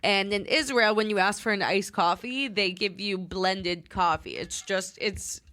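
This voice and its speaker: A woman's voice: medium pitch, measured pace, pushed and bright. A young woman with a mid-range voice, co-hosting a podcast in easy, casual conversation. She keeps cutting in with questions and playful quips. The sound is dry and close, with no room echo. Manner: chatty, interjecting with questions and quips. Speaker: podcast co-host. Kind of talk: casual chat.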